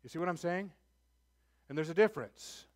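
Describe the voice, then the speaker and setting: High-voiced earnest male pastor. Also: fairly quick. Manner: earnest, rises to emphatic then drops low and soft. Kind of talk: sermon. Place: church.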